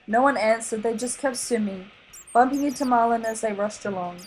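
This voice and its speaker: An Australian woman reading a children's novel aloud in an expressive, dramatic way. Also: fairly high pitch, moderate pace, slight background noise, poor audio. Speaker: reader. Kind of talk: storybook read-aloud.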